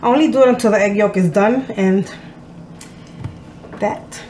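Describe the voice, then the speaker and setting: A woman hosting a casual cooking vlog at home, chatty and quick to laugh, slipping into Spanish now and then. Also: mid-range voice, darkish tone, echoey room, slight background noise. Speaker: vlog host.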